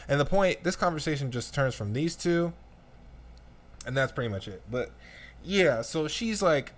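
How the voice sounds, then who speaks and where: Male reaction commentator, lively and swooping pitch, ranty, talks straight to the audience. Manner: animated, ranting, addresses the audience. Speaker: commentator reacting to a video clip.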